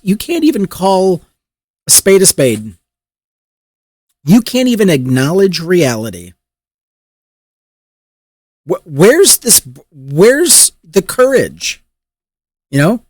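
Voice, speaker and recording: A man's voice: high voice, sing-song, takes it slowly, pauses often, no room sound, studio quality. A man reacting to a clip with sarcastic, profane commentary. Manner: mocking, profane.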